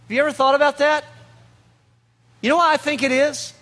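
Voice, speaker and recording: A man preaching a sermon as pastor, asking rhetorical questions and pausing for effect. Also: very high voice, little pitch movement, bright, forceful tone.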